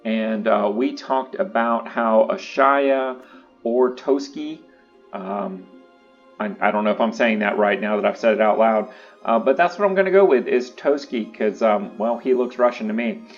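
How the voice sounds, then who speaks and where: A man hosting his own channel, talking through card decks in a casual, relaxed way with lots of uh and um fillers. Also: medium pitch, moderate pace, highs cut off, soft background music. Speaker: YouTube channel host. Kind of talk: casual deck-building commentary.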